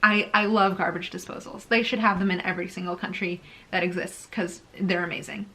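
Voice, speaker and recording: Bright-voiced chatty young woman vlogger. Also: fairly low pitch, fairly quick. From Brazil. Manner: chatty and animated, laughs between points. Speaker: YouTuber. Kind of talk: sit-down talking-to-camera vlog.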